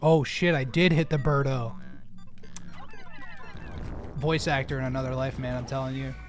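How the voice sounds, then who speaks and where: A man casually chatting on a live stream while gaming, jokey and rambling, quick to laugh at himself. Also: medium pitch, level tone, noisy background.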